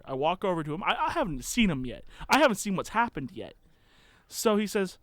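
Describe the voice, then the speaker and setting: A young man telling a story as a podcast guest in a casual, animated way, acting out the quotes. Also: fairly quick, dry recording, studio quality. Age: young adult. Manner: animated, acts out quotes with big pitch jumps.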